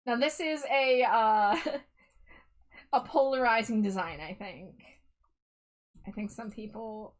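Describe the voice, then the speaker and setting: A woman's voice: on the high side, slow pace, pauses often. Chatty woman streamer reviewing dolls. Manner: chatty, opinionated, talks it through with fillers. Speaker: streamer host. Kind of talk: casual stream commentary.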